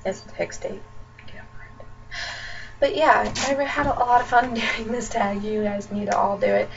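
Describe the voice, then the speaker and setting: A woman's voice: mid-range voice, fairly even intonation, moderate pace, vocal fry. A young woman from Nebraska chatting casually as a book vlogger, talking in a chatty, ranting way with lots of fillers. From Nebraska, USA. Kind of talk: casual chat. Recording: distant dull webcam audio with faint noise.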